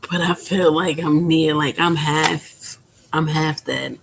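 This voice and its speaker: A woman in her late thirties talks candidly to her viewers, keeping her volume low and subdued. Her voice has a gravelly, creaky edge, and she rambles with lots of fillers. Faint ambient noise sits underneath. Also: steady tone, slow pace. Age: 30s. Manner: quiet, subdued speaking volume; frank, rambling, with frequent fillers. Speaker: vlogger. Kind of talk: candid personal vlog talk.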